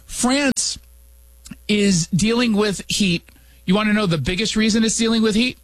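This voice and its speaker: Un conduttore che chiacchiera in studio con tono sarcastico e scherzoso, pieno di battute e commenti rapidi. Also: male voice, high voice, no room sound. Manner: sarcastic, joking, rapid asides. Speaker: radio and podcast host. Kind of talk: casual opinion chat.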